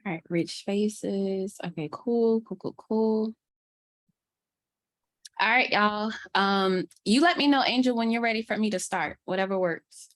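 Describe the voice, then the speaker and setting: A chatty, upbeat woman with a New Orleans accent leads an online class over a video call. Her voice sits at an ordinary middle pitch. She talks in loose Southern slang and laughs easily. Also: unhurried. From New Orleans, USA. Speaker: guest mentor, social media coach. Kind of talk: casual online class teaching.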